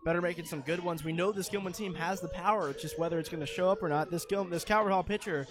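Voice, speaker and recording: A man's voice: high voice, fast. A man giving color commentary on a baseball game, playful and joking in his asides.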